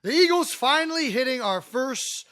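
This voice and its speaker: A man from Ohio co-hosting a sports podcast in casual chat, quick-talking and teasing his co-host. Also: very high-pitched, expressive, pushed and bright, dry recording, clean studio sound.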